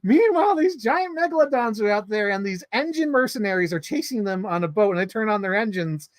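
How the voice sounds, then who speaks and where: A man giving a casual movie review, excitable, laughing often and swearing freely. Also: high voice, fairly quick, no echo.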